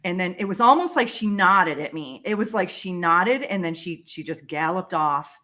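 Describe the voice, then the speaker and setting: Bright-voiced woman telling an emotional story. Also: fairly low pitch, lively intonation, normal speed. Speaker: guest. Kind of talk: storytelling in a casual interview.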